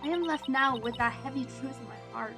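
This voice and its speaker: A woman's voice: high voice, a little fast, over music. A woman voicing a proud, stern young princess priestess, imperious and scornful. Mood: troubled. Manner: imperious, scornful then wavering.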